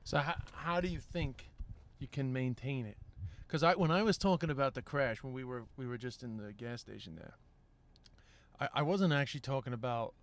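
Male host, casual chat, thoughtful questioner, average pitch. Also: moderate pace. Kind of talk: casual conversation.

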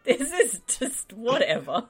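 Woman co-host, casual chat, wry dry quips, animated delivery. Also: on the high side, takes it slowly, music in the background. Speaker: podcast co-host. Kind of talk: casual movie-riffing podcast chat.

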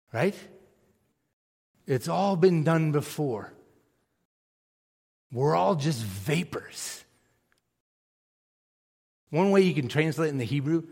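A man's voice: fairly high pitch, a little mellow, breathy edge. A man, a pastor, preaching a conversational sermon and asking his congregation questions. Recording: long reverb of a large hall.

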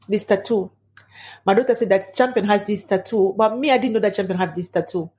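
A middle-aged woman recounts a loss in her own words, her grieving voice soft and mellow. She speaks haltingly, her English marked by non-native grammar and stops to find words. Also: mid-range voice. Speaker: bereaved mother. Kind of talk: personal testimony.

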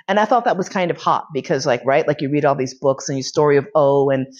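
A woman's voice: sits low, fast, darkish tone. A woman giving a casual, profane, often laughing storytelling talk. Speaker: lecturer. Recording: dull lo-fi recording.

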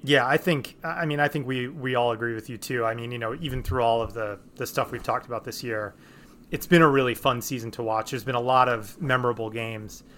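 A man's voice: mid-range voice, brisk, fairly bright tone, slight background noise. A man hosting a casual podcast, talking in a rambling way with many restarts and fillers. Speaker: podcast host.

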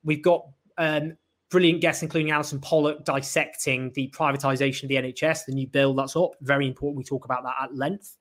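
A British man hosting a live political show on his own, talking with passion. His delivery is halting, full of restarts and fillers as he works through each point. His voice sits at a middle pitch. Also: steady tone, a bit bright. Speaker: show host. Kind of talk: solo live political commentary.

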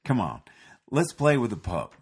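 A man voicing an eager young boy in a storybook reading, drawn out and earnest, slightly husky. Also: mid-range voice, wildly swooping pitch, normal speed, full character voice. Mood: happy.

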